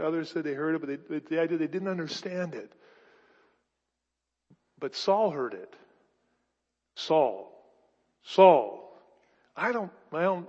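Guy preaching in a church, kinda high voice, echoey hall, muffled sound. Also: a little mellow. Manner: emphatic, with many restarts. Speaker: pastor. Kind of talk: sermon. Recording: dull, echoey hall recording.

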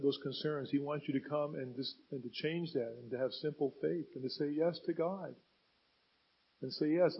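A man's voice: medium pitch, slightly rough, muffled recording. A man preaching a sermon as a pastor, retelling scripture with dramatic rises and falls in emphasis.

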